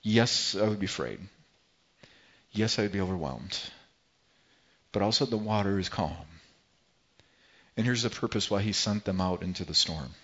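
A man preaching a sermon in an earnest voice, repeating words and phrases as he builds and softens his delivery. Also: on the low side, animated, moderate pace, long pauses, husky, dull audio. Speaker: pastor.

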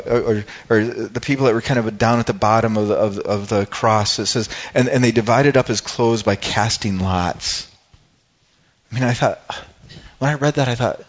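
A man's voice: mid-range voice, normal speed, muffled recording. Earnest man preaching a sermon. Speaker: pastor.

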